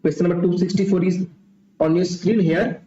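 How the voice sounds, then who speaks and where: A man's voice: sits high, fairly even intonation, fairly quick, background noise. A man tutoring for an exam, repeating himself and thinking aloud with fillers. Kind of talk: mock test lecture. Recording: dull, roomy home recording.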